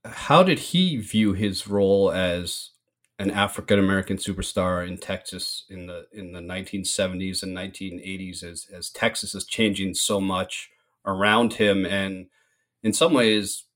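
A man with a very deep voice hosting an interview. He asks measured, carefully framed questions and sets up each topic for his listeners before handing it back to his guest. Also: fairly bright tone. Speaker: interviewer host.

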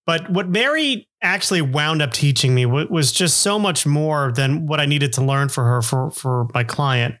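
A man's voice: fairly high pitch, expressive, moderate pace, hardly any pauses, fairly bright tone. Rambling self-deprecating middle-aged man. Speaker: podcast host. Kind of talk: casual podcast narration.

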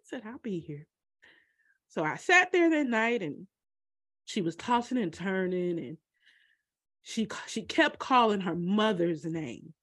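A woman telling a personal story, halting and emotional, with many pauses and fillers. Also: medium pitch, big pitch swings, no room sound, clean studio sound.

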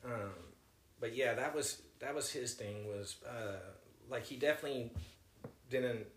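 A man's voice: mid-range voice, unhurried, fairly bright tone, roomy sound. A man co-hosting a podcast, talking in a rambling casual way with many fillers. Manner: rambling, hesitant, lots of fillers. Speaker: podcast co-host. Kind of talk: casual chat.

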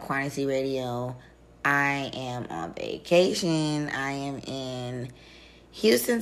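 Hoarse young woman podcast host. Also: low-pitched. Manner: giggly, chatty, drawn-out exclamations. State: hoarse, voice nearly gone. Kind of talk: casual chat. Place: vacation rental room.

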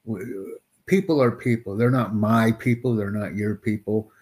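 A man hosting a live-streamed English interview lesson, who speaks slowly and deliberately and sternly corrects a student. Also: fairly low pitch, fairly even intonation, a little mellow.

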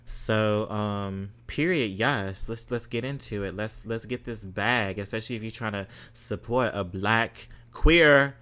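A man's voice: on the low side, measured pace, hardly any pauses, a bit bright. A man hosting a podcast, chatting casually and reading listener reviews with playful, exclamatory bursts of emphasis. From Southern United States. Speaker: podcast host.

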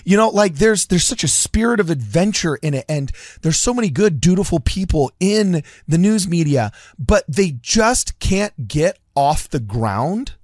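Animated high-voiced man, dry studio. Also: measured pace, few pauses, no echo. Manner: animated, bursts into mock shouting. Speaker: podcast co-host. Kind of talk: casual chat.

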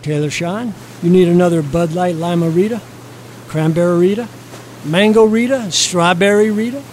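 Man as boastful bro, salesy patter, high voice, faint hum. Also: normal speed, darkish tone, lightly acted. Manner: brash sales pitch patter.

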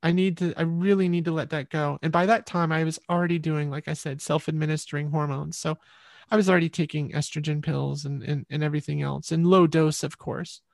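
A woman's voice: sits low, steady tone, brisk, gravelly, a little mellow, no echo, studio quality. A woman musician, a guest in an interview, telling her story in a rambling, reflective way.

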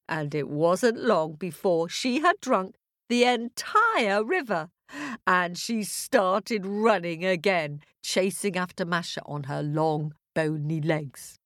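A woman tells a children's fairy tale slowly and expressively, dropping into chanted sound effects. Her voice sits a little low, and the recording is dry and close. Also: lively intonation, a bit bright, no echo. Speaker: storyteller. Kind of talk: children's story narration.

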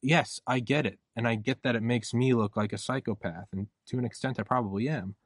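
A man's voice: medium pitch, a little fast, no echo, studio quality. A man hosting a podcast in casual conversation, rambling and acting out quoted voices as he talks. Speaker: podcast host.

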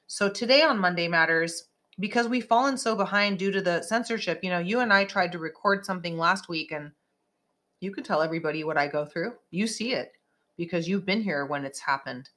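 A woman's voice: lowish voice, a little fast, fairly bright tone. A woman hosting a podcast in casual chat, rambling and emphatic as she vents. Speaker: podcast host.

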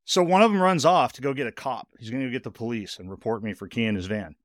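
A man hosting a podcast tells a personal story in a loose, chatty way, often rushing ahead and filling gaps with "like". His voice sits in an ordinary middle pitch. It is recorded close and dry, with no room sound. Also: no room sound. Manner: animated, speeds up in bursts, heavy use of "like". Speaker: podcast host. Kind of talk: casual storytelling.

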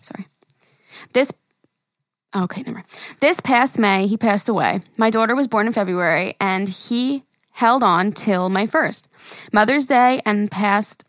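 A woman's voice: medium pitch, measured pace, fairly bright tone, no room sound, studio quality. A woman co-hosting a casual podcast, reading listener emails aloud in a chatty, giggly way.

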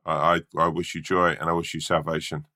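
A man's voice: very deep voice, flat delivery, fast, bright, forceful tone. A man co-hosting a podcast and telling a rambling, swear-laden story full of fillers. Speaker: podcast co-host. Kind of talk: casual chat and rambling storytelling.

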